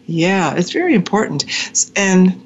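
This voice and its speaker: A woman's voice: fairly low pitch, very animated, unhurried, dull audio, slight background noise. A woman hosting a podcast interview, listening attentively with frequent affirmations and asking questions. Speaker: podcast host.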